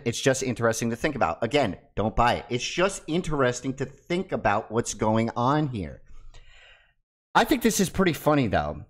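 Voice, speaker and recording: A man hosting a casual crypto video, excitable and swearing, his voice jumping high and loud when he gets hyped. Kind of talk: casual talk to camera.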